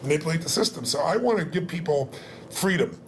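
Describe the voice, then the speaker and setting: A middle-aged man being interviewed, talking in an emphatic, fast way and often restarting his sentences. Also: fairly high pitch, expressive, slight background noise. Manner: emphatic, fast, repeats words at starts. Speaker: guest, motivational speaker. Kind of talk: casual interview talk.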